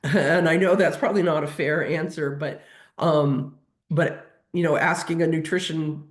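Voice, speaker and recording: A woman's voice: deep voice, steady tone, unhurried. A woman who works as a veterinary nutrition technician, answering audience questions in a webinar, hesitant with many fillers and restarts.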